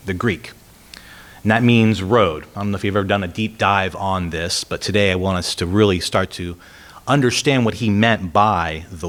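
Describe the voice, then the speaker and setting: A man preaching a sermon in a conversational way, reading scripture aloud with emphasis and putting rhetorical questions to the congregation. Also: fairly low pitch. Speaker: pastor.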